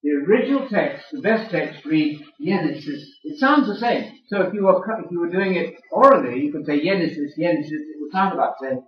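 An older man delivers a lively lecture to a church audience, prodding them with pointed questions. His voice sits a little high and sounds distant, caught in a roomy space on a dull, muffled recording. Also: brisk, hardly any pauses. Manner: teasing, challenges the audience with questions. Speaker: speaker addressing a church audience. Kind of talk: lively sermon-style lecture. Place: large room with an audience. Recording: echoey room, far from mic, dull sound.

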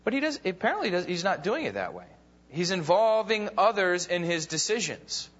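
Bright-voiced man teaching a Bible class. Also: high voice, very animated, normal speed. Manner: casual retelling with fillers, acts out quoted lines. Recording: dull lo-fi recording.

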